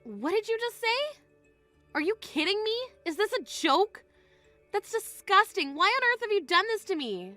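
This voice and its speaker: A woman plays a wronged young bride in a text-message drama, firm and indignant. The voice is high and bright with a tense edge. Faint music runs underneath. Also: lively intonation, fairly quick, no room sound. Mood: shocked. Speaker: voice actor.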